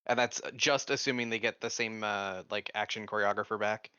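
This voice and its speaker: A man's voice: fairly low pitch, fairly even intonation, fairly quick, bright, forceful tone, clean tone, no echo. A man playing in a tabletop game, talking in a dry, matter-of-fact way. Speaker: player. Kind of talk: casual chat. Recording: dull lo-fi mic.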